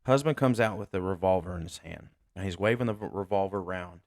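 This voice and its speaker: Low-voiced, blunt, profane man. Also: fast talker, darkish tone, no room sound, clean studio sound. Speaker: sheriff's deputy and podcast host. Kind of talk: casual storytelling.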